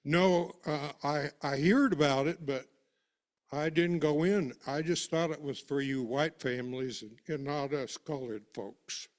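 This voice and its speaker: Guy doing a shy neighbor who stammers and hems, kinda high voice. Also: fairly even intonation, lightly acted. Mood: hesitant. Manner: hesitant, halting, with fillers. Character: shy, hesitant poor neighbor man.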